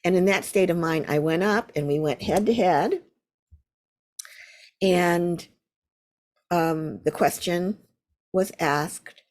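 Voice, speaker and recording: A woman's voice: lowish voice, slow, long pauses, darkish tone. An older American woman, a Zen teacher, telling a vivid story as an interview guest. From United States.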